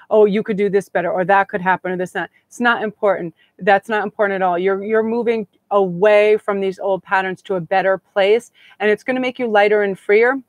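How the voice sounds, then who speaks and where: A woman's voice: fairly low pitch, no room sound. A middle-aged woman hosting a live tarot reading, talking in a chatty, gushing, meandering way. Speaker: tarot reader and host.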